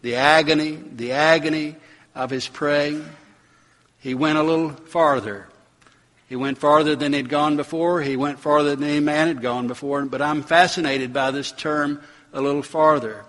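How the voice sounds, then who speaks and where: A man preaching a sermon, building to dramatic emphatic bursts and slowing on key words. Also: on the high side, fairly even intonation, a bit bright. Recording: long hall reverb.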